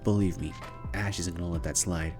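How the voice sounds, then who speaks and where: A man's voice: deep voice, steady tone, fairly quick, darkish tone, soft background music, pitched below the performer's own voice, lightly acted. A reassuring easygoing young friend, as a man puts him on.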